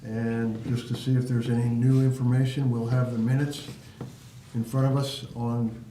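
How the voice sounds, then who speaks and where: A man's voice: medium pitch, level tone, normal speed, warm tone, a little hiss or hum. A man sharing his opinion at a community board meeting, earnest and thinking aloud with restarts. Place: meeting room. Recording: echoey room, mic at a distance.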